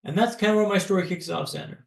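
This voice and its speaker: A man from Canada, a podcast guest, telling a personal story in a dramatic, paced way with pauses. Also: high voice, creaky, reverberant.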